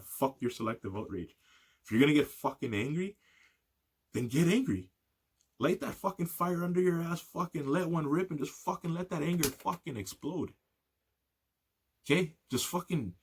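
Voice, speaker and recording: A man's voice: medium pitch, slightly rough. A young man hosting a solo talk show, ranting heatedly with lots of swearing and a repeated "okay". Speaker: podcast host.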